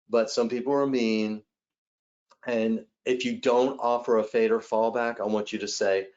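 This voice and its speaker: Lively male sales trainer on a webcast. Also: mid-range voice, unhurried, dull audio. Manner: animated, acts out callers and agents in role-play. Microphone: webcast mic.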